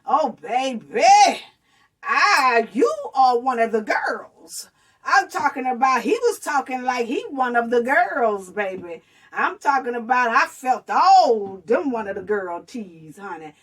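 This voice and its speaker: A woman's voice: fairly high pitch, very animated, slow pace, a bit bright, slightly rough, far from the mic. A woman giving sassy casual reaction commentary as a vlogger, calling her viewers honey and baby.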